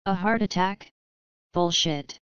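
Indignant sarcastic dead man, snippy and loud, read by a woman, smooth clear tone, dull lo-fi sound. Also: fairly low pitch, slow pace, no room sound. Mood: shaken.

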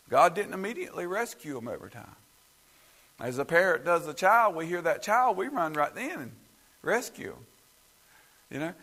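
A pastor preaching a fervent sermon, swinging from loud pleading to quiet, halting talk with many restarts. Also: male voice, high-pitched. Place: church.

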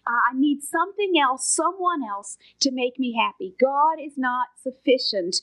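A middle-aged woman preaching a sermon as a Bible teacher, earnest and emphatic, sometimes dropping to a soft whisper for stress. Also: high voice, expressive, moderate pace, few pauses, poor audio.

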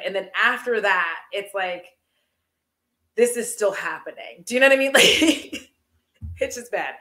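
A young woman rambles through a gossipy home vlog, full of fillers and bursts of giggling. Her voice sits a little high. The room around her is echoey. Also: a bit bright. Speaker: vlogger. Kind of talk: casual chat while decluttering.

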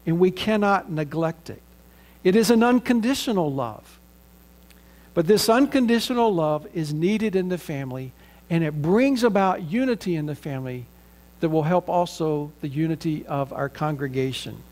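High-voiced Southern pastor preaching. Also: male voice, lively intonation, a little mellow. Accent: Southern American. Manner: earnest, measured preaching with a closing prayer. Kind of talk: sermon.

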